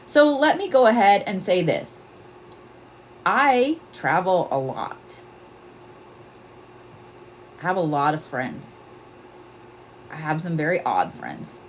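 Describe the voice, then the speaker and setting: A woman's voice: fairly low pitch, big pitch swings, slow, pauses often, a little hiss or hum. A woman hosting a psychic reading livestream, blunt and profane, laughing often and repeating her points with force. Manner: emphatic, repeats commands to the viewer. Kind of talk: casual livestream chat.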